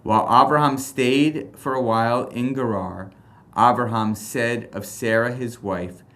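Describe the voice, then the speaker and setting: A man teaching a recorded lesson, reading scripture passages aloud and thinking aloud with rhetorical questions, restarts and animated outbursts. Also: medium pitch, unhurried.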